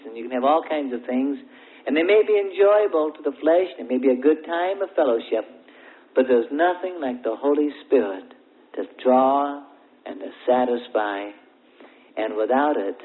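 A preacher delivering an impassioned evening sermon, climbing into pleading fervor as it builds. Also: medium pitch. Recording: tinny, narrow-band old tape recording.

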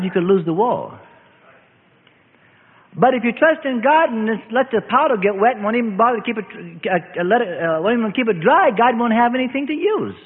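A man's voice: high-pitched, slightly rough. A man preaching a sermon, telling a story in a folksy, emphatic way. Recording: tinny lo-fi radio, long hall reverb.

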